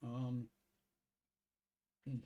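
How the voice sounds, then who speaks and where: A man hosting a livestream, telling crude jokes and reading poetry in a rambling, halting way with many fillers and restarts. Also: medium pitch, completely flat delivery, lo-fi sound. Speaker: livestream host.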